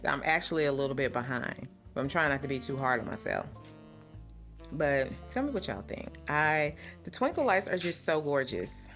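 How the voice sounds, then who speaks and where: Low-voiced woman vlogging. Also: normal speed, faint music behind. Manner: animated, dramatic storytelling with repeated phrases. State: shaken, voice trembling. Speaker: lifestyle vlogger. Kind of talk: casual vlog talk to viewers.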